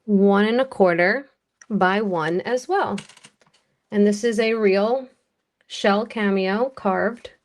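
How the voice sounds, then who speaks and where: An American woman hosts a live-stream jewelry auction, calling bids and describing each piece in a chatty, unhurried way. Her voice sits in the mid range.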